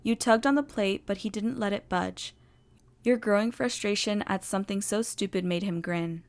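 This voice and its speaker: A woman narrating fan fiction in an expressive, animated reading voice. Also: medium pitch, moderate pace. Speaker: story reader.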